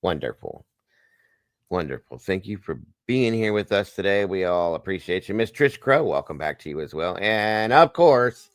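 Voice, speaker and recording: A man's voice: low-pitched, very animated, moderate pace, no echo, clean studio sound. A man hosting a casual live stream, greeting viewers by name and plugging their channels in a jokey, upbeat way. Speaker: livestream host.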